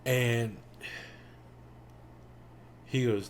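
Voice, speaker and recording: A young man hosting a podcast, telling a personal story in a casual, animated way and acting out the quotes. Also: medium pitch, measured pace, a little hiss or hum. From Miami. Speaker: podcast host.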